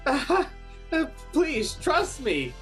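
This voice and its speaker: A man's voice: extremely high pitch, wildly swooping pitch, very slow, fairly bright tone, soft background music, voice pushed up, heavily acted. A man voicing a bubbly, shifty female bird-demon inventor from a game, chirpy and eager, read aloud. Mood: flustered. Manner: chirpy, eager, nervously evasive. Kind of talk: reading game dialogue aloud.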